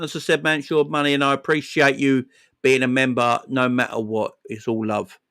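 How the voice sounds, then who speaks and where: A man hosting a casual football fan livestream, excitedly shouting out viewers by name. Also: medium pitch, fairly quick, clear, resonant tone. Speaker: livestream host.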